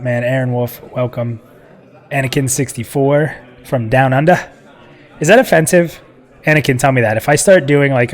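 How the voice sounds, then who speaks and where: A man at a mid-range pitch hosts a live stream in relaxed, casual chat. He jokes with his guests and laughs easily, talking into a desk microphone. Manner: joking and chatty, laughs often. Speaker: live stream show host.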